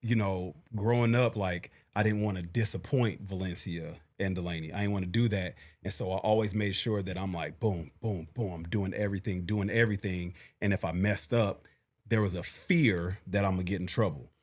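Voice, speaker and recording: A man's voice: deep voice, normal speed, a little mellow. A man, reflecting on fatherhood in a casual podcast chat. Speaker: podcast co-host.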